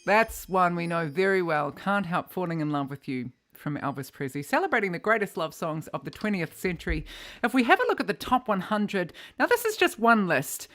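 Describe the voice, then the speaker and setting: A woman's voice: fairly low pitch, sing-song, a little fast, fairly bright tone. A woman with a New Zealand accent hosting a music livestream, chatting casually between songs with plenty of ums and uhs. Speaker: music show host. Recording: faint guitar music behind.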